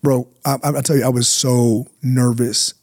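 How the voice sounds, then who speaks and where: A middle-aged man, a pastor, telling a personal story in casual chat, animated and jumping high in pitch when he acts out his younger self. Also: normal speed, no echo, studio quality.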